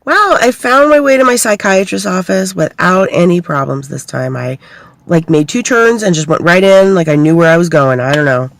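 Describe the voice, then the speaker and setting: A woman's voice: low-pitched, creaky, dry recording. A middle-aged woman chatting casually to the camera in a vlog, rambling and full of fillers, often poking fun at herself. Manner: rambling, filler-heavy, self-deprecating. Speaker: vlogger.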